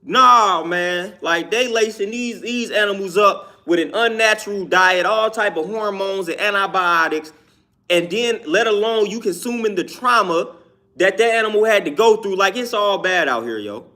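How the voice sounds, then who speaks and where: Emphatic high-voiced man preaching diet. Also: moderate pace, bright, forceful tone. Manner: emphatic, repetitive, slangy. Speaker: vegan health talker. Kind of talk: casual monologue.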